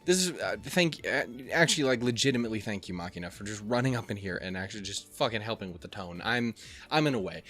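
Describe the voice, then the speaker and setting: A man's voice: on the low side, expressive, fast talker, a bit bright, soft background music. A man playing a visual novel on his channel, reading the text aloud between profane, self-deprecating, rambling asides. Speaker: let's player. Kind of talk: casual game commentary, reading text aloud.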